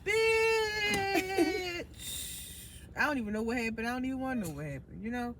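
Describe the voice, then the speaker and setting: A woman hosting a casual podcast chat, blunt and profane, with animated storytelling. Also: a little high, very fast, heavy background noise. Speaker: podcast host.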